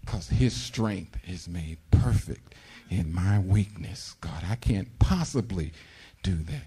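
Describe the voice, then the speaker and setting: A middle-aged man preaching with fervor, his voice low and mellow with a husky edge. He slips into high, pleading prayer voices as he teaches. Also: animated, measured pace. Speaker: pastor. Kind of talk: sermon.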